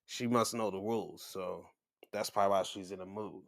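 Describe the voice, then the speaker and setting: Clean studio sound with no echo captures a man's low-pitched voice at a fairly quick pace. Hosting a show, he gives a casual wrestling recap, lively and talkative as he acts out people's quotes.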